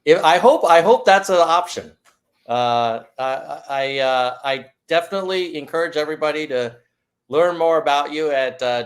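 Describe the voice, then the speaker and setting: A man hosting a casual interview, agreeable and a little hesitant, with plenty of ums and restarts. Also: a little high. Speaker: interview host.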